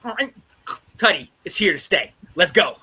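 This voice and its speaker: Bright, hyped sports podcast host. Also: male voice, a little high, normal speed. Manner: hyped, playful, pep-talk delivery. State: stuffed up. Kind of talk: casual sports podcast chat.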